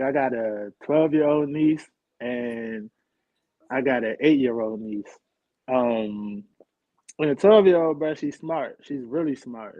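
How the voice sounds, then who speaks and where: A man's voice: mid-range voice, creaky, no echo. A young adult man, a guest on a podcast panel, talking in a candid, loose and slangy way. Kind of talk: casual panel chat. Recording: dull, muffled sound.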